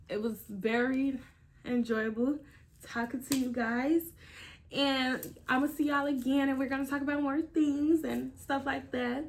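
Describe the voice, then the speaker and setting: A woman vlogger telling a personal story and giving blunt relationship advice, with emphatic, animated delivery and plenty of swearing. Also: sits high, a little hiss or hum. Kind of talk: casual storytelling vlog.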